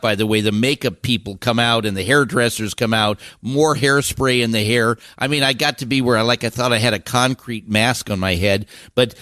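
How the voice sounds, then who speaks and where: An older man, a guest on a podcast, telling animated, rambling stories with many restarts. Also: medium pitch, dry recording, clean studio sound. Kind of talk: casual storytelling interview.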